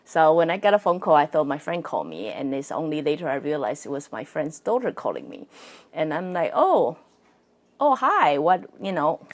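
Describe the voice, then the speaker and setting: A psychic and spirit coach hosts her own casual podcast, speaking English as a non-native speaker in a low, a little mellow voice that is very animated and a little fast. She chats freely, laughs often and keeps asking "right?"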